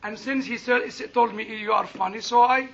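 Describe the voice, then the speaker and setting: High-voiced man telling a funny story. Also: steady tone, gravelly, a little hiss or hum. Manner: chuckles often, halting restarts. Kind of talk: anecdotal storytelling to an audience. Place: room with an audience. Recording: roomy, distant, dull sound.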